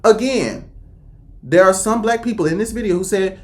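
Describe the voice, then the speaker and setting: A woman from the United States giving blunt, opinionated reaction commentary, with an emphatic delivery and sudden jumps in pitch. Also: moderate pace, a little mellow. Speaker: reaction video host.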